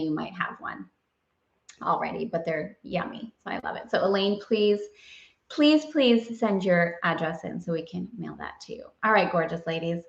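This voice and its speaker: A woman hosting a casual live stream, gushing and bubbly, laughing often as she chats with viewers. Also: medium pitch. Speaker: host. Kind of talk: casual livestream chat. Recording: roomy, dull lo-fi sound.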